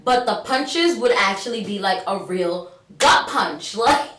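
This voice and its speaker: A young New York woman vlogs a story in casual slang, animatedly acting out the dialogue. Her voice sits at medium pitch and moves a little slowly. The recording is roomy, with the mic set well back.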